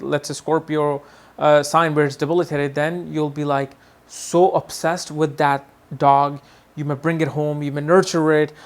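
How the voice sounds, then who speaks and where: A man teaching an astrology lesson in a lively way, often acting out what people say and repeating his words. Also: a little high. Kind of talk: video lesson.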